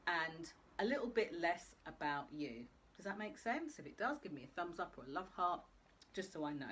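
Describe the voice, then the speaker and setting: A woman's voice: low voice, a bit bright. A woman hosting a live video talk, speaking straight to her viewers in a chatty way. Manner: chatty, addresses viewers directly. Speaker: host.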